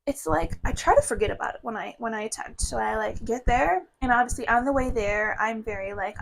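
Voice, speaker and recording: A woman's voice: a little high, brisk, gravelly, a bit bright, rough recording. Earnest young woman, candid podcast chat. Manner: candid, earnest, talks in runs of repeated phrases. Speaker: podcast co-host. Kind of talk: casual heart-to-heart chat.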